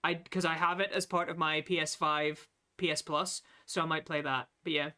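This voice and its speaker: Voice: medium pitch, steady tone, normal speed, sharp tone. Chatty sweary gaming streamer. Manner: chatty, sweary, reads game text aloud. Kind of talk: casual live gameplay chat.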